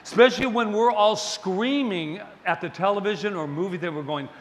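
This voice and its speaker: A man giving a sermon as a minister, telling a story in an animated, playful way. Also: high voice, normal speed. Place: spiritual center sanctuary. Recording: long hall reverb, faint ambience.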